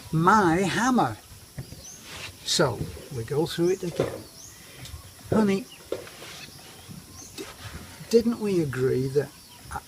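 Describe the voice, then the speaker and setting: A middle-aged British man telling a wry, self-mocking story in a casual vlog. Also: fairly high pitch. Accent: British English. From Britain. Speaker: expat vlogger. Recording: noisy outdoor recording.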